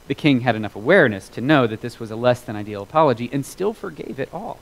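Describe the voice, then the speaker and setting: A man preaching a sermon as a pastor, earnest and emphatic, repeating phrases for weight and moving between loud and hushed delivery. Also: medium pitch, lively intonation, a little fast, vocal fry, rough recording.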